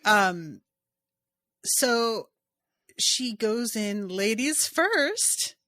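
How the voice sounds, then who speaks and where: A woman's voice: on the high side, lively intonation, drawn-out words, bright, forceful tone, no echo. A woman co-hosting a podcast, chatting casually and frankly and swearing now and then. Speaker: podcast co-host. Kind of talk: casual chat.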